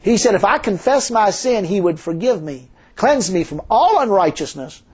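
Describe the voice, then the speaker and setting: A man's voice: high voice, sing-song, normal speed, breathy edge. A man preaching a sermon in a folksy, emphatic way, full of rhetorical questions. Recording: dull lo-fi sermon recording.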